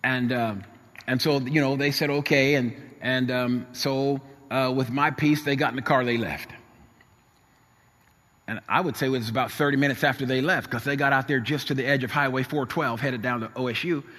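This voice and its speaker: A man's voice: mid-range voice, steady tone, normal speed, a bit bright. A middle-aged man preaching a sermon, telling a personal story in an earnest, emphatic way that repeats and stacks his phrases. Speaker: pastor. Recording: long hall reverb.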